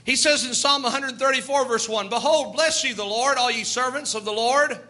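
A male pastor delivering a fervent sermon in a strikingly high, ringing voice. His tone is sharp and bright, and he moves in a rhythmic cadence between scripture readings and exhortation. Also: animated, brisk, hardly any pauses.

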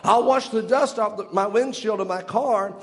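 A man with a high, light voice preaching a sermon. He retells a story through long quotations and then stops to explain each point in an earnest, teaching tone. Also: normal speed. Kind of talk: sermon retelling stories and quotes.

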